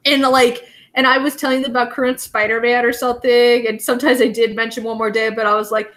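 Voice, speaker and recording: A young adult woman, a guest on a casual podcast chat, telling stories excitedly and laughing often. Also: fairly high pitch, fast talker.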